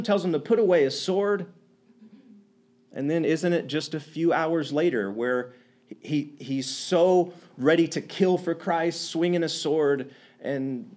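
A man preaching a sermon, retelling scenes with animated storytelling and acting out the quoted lines. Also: high voice.

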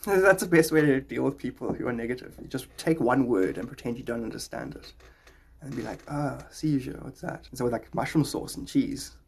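A man's voice: medium pitch, brisk, gravelly, slightly rough. A man hosting a podcast, rambling in a jokey, philosophical way. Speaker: podcast host. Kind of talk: rambling casual talk.

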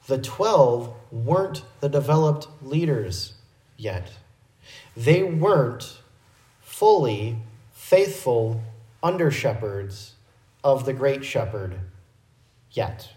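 A male pastor giving an expository sermon in a measured, explanatory teaching manner. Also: mid-range voice, animated, warm tone, echoey room, low-quality recording.

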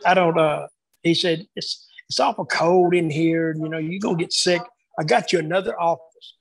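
A man reminiscing casually about his years booking shows, telling lively anecdotes and acting out the quotes. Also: fairly high pitch, moderate pace, gravelly, no echo, poor audio. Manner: animated storyteller acting out quotes. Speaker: wrestling booker telling stories.

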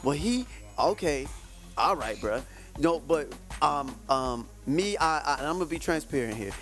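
A man hosting a casual faith podcast, talking in an animated, rambling way with many restarts and frequent laughs. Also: a little high, normal speed, faint music behind. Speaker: podcast host.

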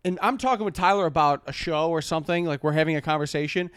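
A man's voice: on the high side, fast, fairly bright tone, clear, resonant tone, no echo, clean studio sound. A man co-hosting a comedy podcast, telling a story bluntly with profanity and lots of false starts. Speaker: podcast co-host. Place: apartment.

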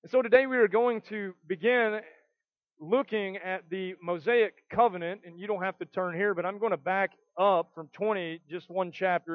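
High-voiced preacher. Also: male voice, dry recording, muffled recording. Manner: earnest preaching, reads scripture aloud with emphasis. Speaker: pastor. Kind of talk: sermon.

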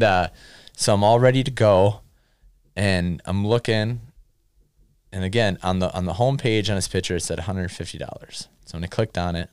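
A man's voice: deep voice, clean tone, dry recording, studio quality. A man hosting a podcast, casually telling a long, rambling story with lots of fillers and swearing. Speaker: podcast host. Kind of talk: casual chat.

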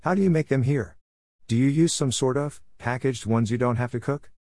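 A man reading the lines of an uneasy young mother who is unsure about camping, with a slightly raised pitch. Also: moderate pace, a little mellow, dry recording, clean studio sound, lightly acted. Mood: doubtful.

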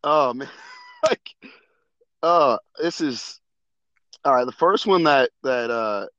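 A man's voice: medium pitch, slow pace, no echo, muffled recording. A young man on a podcast, telling stories in casual chat and breaking into laughter as he goes. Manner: animated, laughing storyteller. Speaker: podcast guest.

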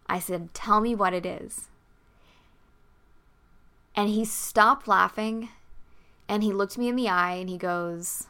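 A woman's voice: medium pitch, moderate pace, bright, forceful tone, smooth. A woman vlogger telling a story and giving emphatic, motivational advice to dancers.

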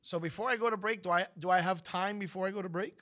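A man's voice: high voice, fast talker, a bit bright. A man hosting a radio show, chatting in a playful, teasing way. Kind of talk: casual radio banter.

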